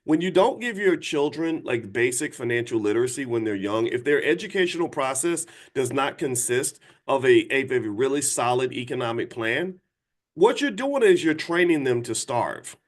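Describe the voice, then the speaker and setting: A man's voice: mid-range voice, lively intonation, moderate pace. A man in his fifties hosting a live talk, blunt and insistent, often restarting and asking viewers to respond. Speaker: host. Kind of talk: livestream talk to an audience.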